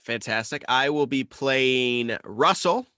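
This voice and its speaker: A man's voice: medium pitch, slow, pushed and bright, smooth, no echo, clean studio sound. A man hosting an online table read, jokey and upbeat, talking over a video call. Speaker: host of an online script reading. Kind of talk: casual chat before a table read.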